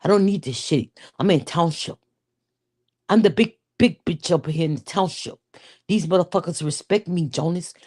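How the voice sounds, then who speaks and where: Scorned woman, low mellow voice, foreign accent, cursing rant, put on by a woman. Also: normal speed, husky. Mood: furious. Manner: foul-mouthed ranting, put-on foreign accent. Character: furious scorned township woman cursing her cheating man.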